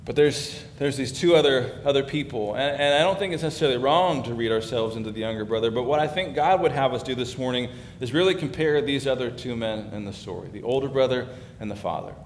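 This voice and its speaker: A pastor delivers a sermon at a quick clip with few pauses, speaking conversationally and building emphasis as he goes. The recording sounds like an echoey hall with a faint rumble in the background.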